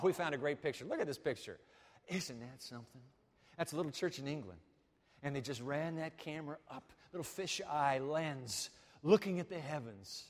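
A man preaching a sermon as pastor, animated, swinging from loud declarations to hushed asides. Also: a little high, in a large hall.

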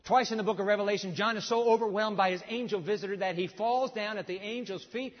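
Male preacher, fairly high voice, big swings from hushed to booming, reverberant hall, dull sound. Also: fairly even intonation, quick pace. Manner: dramatic swings between booming and hushed delivery; asks the audience rhetorical questions. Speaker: pastor. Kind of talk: sermon.

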